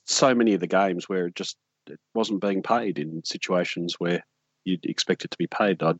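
A man's voice: low-pitched, moderate pace, husky, no echo. A man co-hosting a sports podcast, hesitant and dry in manner. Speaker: podcast co-host. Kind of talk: casual sports chat. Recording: dry, dull lo-fi mic.

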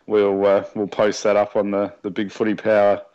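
Laid-back aussie guy, deepish voice, muffled lo-fi audio. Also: monotone, moderate pace, clear, resonant tone. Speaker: podcast co-host. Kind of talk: casual chat. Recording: dull lo-fi sound.

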